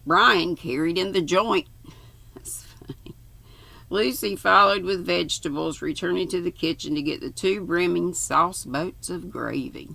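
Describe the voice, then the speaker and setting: A woman's voice: lowish voice, moderate pace, gravelly, hardly any pauses, bright, forceful tone, dry recording. An older woman reads a novel aloud, stopping for folksy, chatty asides. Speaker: audiobook reader.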